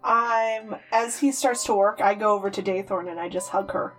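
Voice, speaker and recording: A woman's voice: medium pitch, moderate pace, faint music behind, low-quality recording. A woman player in a tabletop game who describes her actions expressively.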